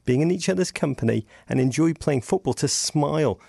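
A middle-aged man with an English accent, a podcast guest talking in vivid, storytelling bursts that rise in pitch for emphasis. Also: lively intonation, a little fast, vocal fry, warm tone, no echo, clean studio sound. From England. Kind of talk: animated casual chat.

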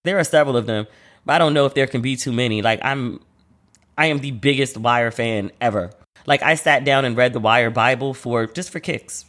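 A man at a middle pitch hosting a casual solo podcast. He talks in a loose, slangy way and slips into quick voices whenever he quotes somebody. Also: a bit bright. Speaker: podcast host.

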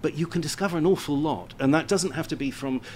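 A man's voice: fast, a little mellow. A man answering interview questions in earnest, often restarting and repeating words as he explains. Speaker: guest expert on influence and military operations. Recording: faint background rumble.

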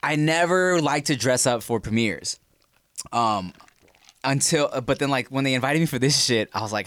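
A man's voice: mid-range voice, moderate pace, fairly bright tone, no room sound. A man co-hosting a podcast, telling stories in casual chat, swearing freely and slipping into playful put-on voices. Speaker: podcast co-host.

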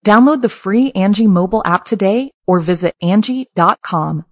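A woman at a middle pitch reads a commercial in an upbeat promotional tone. Her voice is recorded dry and close, with no room around it. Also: normal speed, few pauses, no room sound. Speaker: ad reader. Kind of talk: scripted advertisement read.

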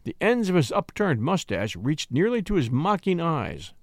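A man narrating a classic short story in a theatrical, expressive reading. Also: a little high, normal speed, dry recording, clean studio sound.

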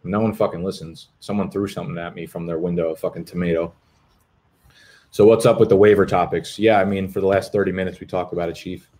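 A man's voice: deep voice, fairly even intonation, fast, warm tone. A man, hosting a live stream in profane, rambling casual chat. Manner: profane, rambling, swears constantly.

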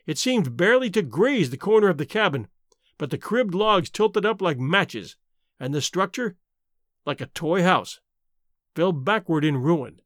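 A man reading an adventure story aloud as narrator, with an expressive, dramatic delivery on a close mic. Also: high-pitched, normal speed, no room sound. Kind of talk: scripted audiobook narration.

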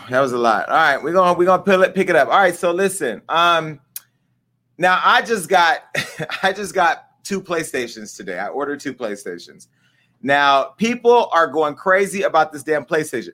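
A man's voice: fairly high pitch, very animated, normal speed, pushed and bright. A middle-aged man hosting a casual commentary show, talking candidly and emotionally straight to his viewers. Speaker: host.

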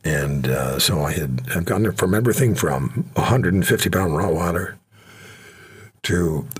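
A man hosting a talk show, telling stories and jokes in an animated, jokey way. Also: low-pitched, unhurried, slightly rough. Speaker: radio talk show host. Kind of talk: casual storytelling talk.

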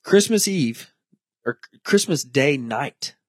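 A man's voice: on the high side, slow pace, dry recording, studio quality. A young man hosting a podcast, telling stories casually and acting out the people he quotes. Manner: animated storyteller, acts out quoted voices. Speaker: podcast host. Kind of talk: casual storytelling chat.

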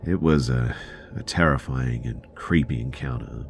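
Very deep-voiced man telling a tense story. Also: moderate pace, vocal fry, a little hiss or hum. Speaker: narrator. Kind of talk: first-person story narration.

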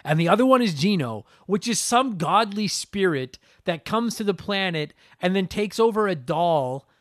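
A young man co-hosting a podcast, ranting in an animated, profane, casual way. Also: high voice, moderate pace, dry recording, studio quality. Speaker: podcast co-host. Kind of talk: casual chat.

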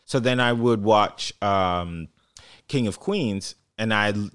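A man's voice: fairly low pitch, slow pace, a bit bright, clean tone, dry recording. A man, not a native English speaker, co-hosting a podcast and telling stories in casual chat. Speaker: podcast co-host.

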